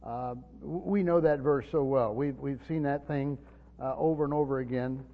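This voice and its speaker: A man preaching an unscripted Bible teaching in a church hall, halting and repeating words with many fillers. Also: medium pitch. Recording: long reverb, dull lo-fi sound.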